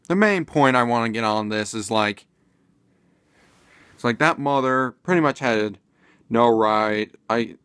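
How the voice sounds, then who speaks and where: A man's voice: mid-range voice, a bit bright, clear, resonant tone, no room sound, clean studio sound. A man casually commenting in a vlog, rambling and hesitant with many fillers and restarts. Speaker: video commentator.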